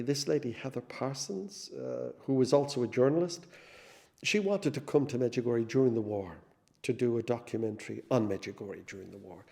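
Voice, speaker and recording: A middle-aged man recounts his own story in an easy, reflective way, pausing often to find his words. His voice is gravelly with plenty of fry. The tone is dark and mellow. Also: mid-range voice. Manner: conversational, reflective, many fillers. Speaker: singer giving a testimony. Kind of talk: personal testimony, storytelling.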